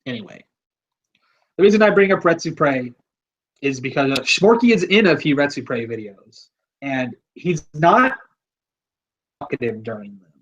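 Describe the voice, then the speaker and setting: A man's voice: mid-range voice, big pitch swings, normal speed, pauses often, a bit bright, slightly rough, highs cut off. A man hosting a podcast, talking in a rambling, offhand, casual way and swearing freely. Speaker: podcast host.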